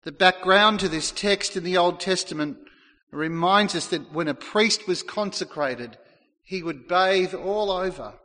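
A pastor preaches earnestly in a church, sometimes acting out the words of people in his text, with long hall reverb around him. His voice sits high with a sharp tone, at a measured pace.

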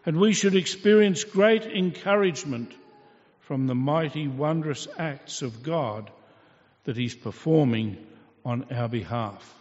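Slow-speaking male preacher in a hall. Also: on the high side, darkish tone. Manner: slow, teaching, rhetorical questions. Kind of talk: sermon. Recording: dull reverberant hall recording.

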